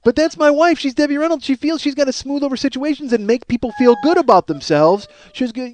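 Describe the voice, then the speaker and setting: A man's voice: very high voice, quick pace, few pauses, a little mellow, no echo. A man hosting a podcast, telling a rambling, profane comic story with mounting exasperation. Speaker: podcast host.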